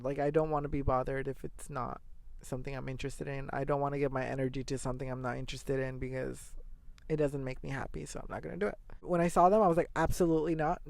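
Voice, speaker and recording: A young man hosting a podcast, telling a story in a rambling, animated, casual monologue, with fillers and swearing. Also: on the high side, creaky, no echo. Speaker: podcast host.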